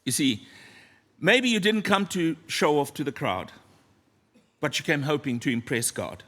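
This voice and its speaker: A man preaching a sermon in a church, earnest and storytelling, often dropping to a soft, low voice. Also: sing-song, measured pace.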